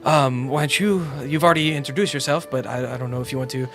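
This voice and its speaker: A man's voice: mid-range voice, fast talker, a bit bright, lightly acted. A man voicing a nervous, bumbling male regent who stammers and apologizes as he fumbles with his papers. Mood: nervously formal.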